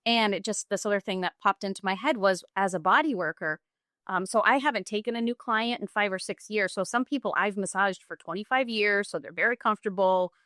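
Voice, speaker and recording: Middle-aged lady yoga teacher chatting, lively storytelling, mid pitch, dry close mic. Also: brisk, dry recording. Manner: animated storytelling, acts out quoted clients. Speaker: yoga teacher and bodyworker guest. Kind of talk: casual conversational interview.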